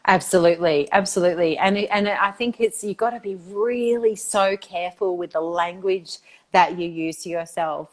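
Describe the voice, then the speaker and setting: A middle-aged woman, chatting enthusiastically as an interview guest, full of "like" and "you know". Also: fairly low pitch. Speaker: guest, institute founder. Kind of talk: casual interview chat.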